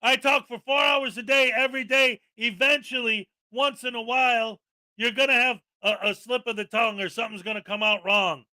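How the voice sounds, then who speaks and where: A man's voice: very high-pitched, steady tone, moderate pace, bright, forceful tone, no echo. A man hosting a daily live-stream, ranting with indignant sarcasm. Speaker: live-stream commentary host.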